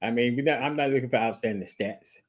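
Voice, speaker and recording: A man co-hosting a casual sports talk show, explaining himself over and over with growing exasperation. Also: medium pitch. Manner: exasperated, repeats himself slowly. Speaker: podcast co-host.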